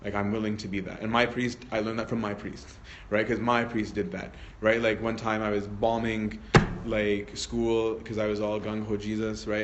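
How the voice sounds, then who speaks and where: A male priest leading a Bible study in a relaxed teaching manner, often adding tag questions and restarting sentences. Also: lowish voice, moderate pace, few pauses, slight background noise. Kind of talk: conversational teaching talk.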